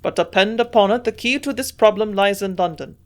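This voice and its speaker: A woman voicing a gruff old male German scientist with a strong German accent, grunting out his lines louder than her narration. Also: mid-range voice, brisk, natural voice. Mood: insistent.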